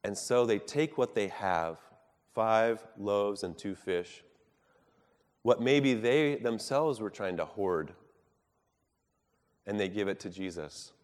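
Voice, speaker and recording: A man delivers a sermon in a fairly low voice, earnest and measured. He lifts his voice to stress key words and lets it fall quiet at the close of each thought. His words ring out with the long reverb of a large hall. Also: lively intonation. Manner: earnest, measured preaching with emphatic rises and soft drops. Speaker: preacher.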